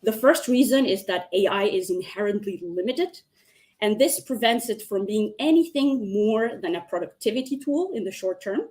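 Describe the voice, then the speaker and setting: A woman makes a formal argument over a video call, in a measured way. She speaks as counsel in a mock hearing and addresses the members of the tribunal directly. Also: medium pitch, expressive, a little mellow. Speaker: counsel arguing against the motion.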